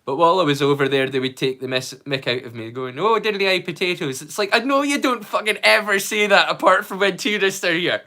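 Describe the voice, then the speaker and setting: Man, high voice, casual livestream host, banters and jokes with chat, curses freely. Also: lively intonation, a little fast, few pauses. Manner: joking, swears freely, chatty banter with viewers; greets viewers loudly and brightly. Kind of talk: casual watch-along commentary.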